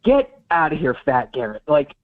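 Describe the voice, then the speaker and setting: A man with a slightly high voice rants heatedly and swears often while co-hosting a sports talk show. His voice comes through thin and tinny, like a phone call. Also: huge pitch swings, normal speed. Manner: heated, profane ranting. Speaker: podcast co-host.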